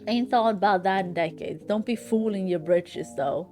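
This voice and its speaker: A woman's voice: mid-range voice, moderate pace, a little mellow, faint music behind, lightly acted. A woman voicing an old rural man with a put-on drawl, recalling scary tales. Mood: nostalgic.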